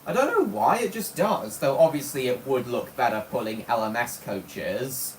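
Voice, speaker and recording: A man chats loosely on a live stream and thinks out loud, now and then answering viewers. His voice is at an everyday pitch. The room echoes around him, with a faint hum in the background. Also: lively intonation, moderate pace, hardly any pauses. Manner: rambling, chatty, talks to himself and to viewers' comments. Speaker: livestreamer running a model railway. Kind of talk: casual live-stream chat.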